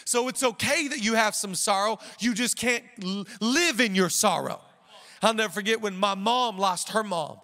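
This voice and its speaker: A man's voice: high voice, normal speed, pushed and bright, big-room sound. A man pastor preaching a sermon with an emphatic, repetitive cadence.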